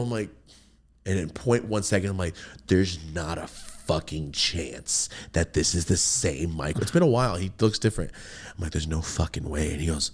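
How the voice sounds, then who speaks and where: A man casually telling a profane story, jumping into quoted voices. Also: normal speed. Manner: animated, profane, jumps into high-pitched quoted voices.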